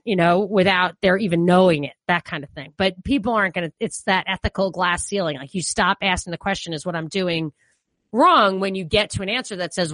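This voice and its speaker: A woman with a New York accent holds forth in casual commentary. She is animated and opinionated and leans on fillers. Her mid-pitched voice sounds dry and close. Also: no echo. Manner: animated, opinionated, frequent fillers like "you know".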